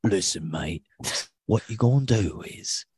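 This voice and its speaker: A man doing a crude, bullying British bloke in a put-on British accent. The voice is gruff and pitched down a little, and it comes across as menacing. It is recorded dry and close. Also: animated, a little slow, darkish tone, no room sound, exaggerated voice.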